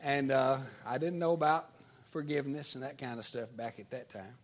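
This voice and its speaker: An older man preaching, telling a folksy childhood story in an animated storytelling sermon style. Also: mid-range voice, normal speed.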